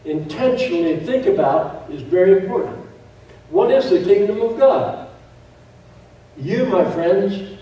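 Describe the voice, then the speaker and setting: A man's voice: high voice, warm tone. A man preaching a sermon, emphatic, repeating key phrases with joking asides. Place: church sanctuary. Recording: echoey church room, distant mic.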